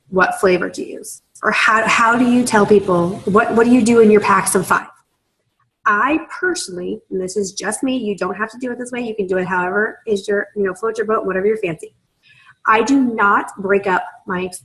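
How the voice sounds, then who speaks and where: A woman's voice: medium pitch, fairly bright tone, rough recording. A woman runs a sales training in a persuasive, chatty manner. She often checks in with her audience as she explains things step by step. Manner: persuasive, conversational, checks in with "right?" and "you understand?". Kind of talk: training talk to a group.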